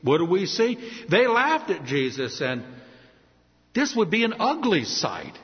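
A man preaching a sermon with emphatic, dramatic delivery and slow, stressed repetitions. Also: sits high, wildly swooping pitch. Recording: reverberant hall, dull lo-fi sound.

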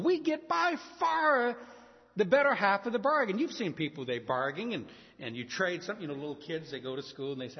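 A man's voice: high voice, husky. A man preaching a sermon to a congregation, telling a story and acting out its characters' voices. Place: church. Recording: lo-fi church hall with long reverb.

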